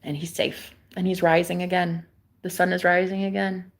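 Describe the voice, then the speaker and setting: A young adult woman live streaming a rambling, confiding monologue, dropping to whispers and then rising to loud, profane exclamations. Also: fairly low pitch, little pitch movement, normal speed. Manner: swings between hushed whispers and loud exclamations.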